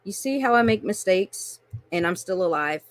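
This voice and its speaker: A woman's voice: mid-range voice, expressive, moderate pace, no echo. A woman coaching online marketers through a screen-share tutorial, chatty and casual, often checking in with "right?" and "okay?".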